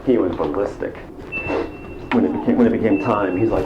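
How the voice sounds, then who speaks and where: A man's voice: low-pitched, fairly quick, long pauses, lo-fi sound, background noise. A man recounting events in casual talk, rambling with stammered restarts.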